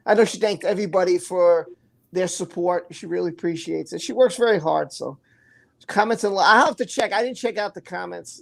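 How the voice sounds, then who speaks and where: A woman with a New York accent hosts a relaxed livestream, talking loosely and reading out viewers' comments. Her voice sits at a middle pitch, neither high nor low. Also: brisk, vocal fry. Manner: chatty, reads viewer comments aloud, laughs easily. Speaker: host. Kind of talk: casual livestream chat.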